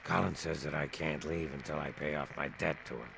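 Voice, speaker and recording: An actor playing a weary, kind male ghoul bartender in a video game, raspy and humble. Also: a bass voice, steady tone, brisk, background noise, heavily acted. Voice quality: raspy, gravelly. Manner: humble, resigned.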